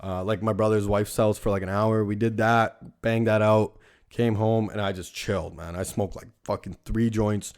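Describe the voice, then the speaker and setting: Steady and smooth, a little mellow, this young man's low-leaning voice moves at a moderate pace. He hosts a casual storytelling podcast, rambling, profane, and fond of ending lines with "right?"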